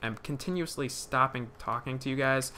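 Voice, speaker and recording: Young guy rambling thru a zombie game, lots of uhs, bright voice, jumpy and swearing when stuff jumps him. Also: medium pitch, moderate pace, a little hiss or hum. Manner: rambling, many fillers and restarts. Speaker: gaming commentator. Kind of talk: live gameplay commentary.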